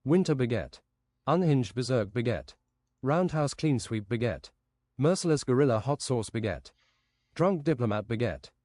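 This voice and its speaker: A man's voice: medium pitch, lively intonation, normal speed, darkish tone, no room sound, studio quality. A man streaming a game while improvising a rambling, absurd fantasy story.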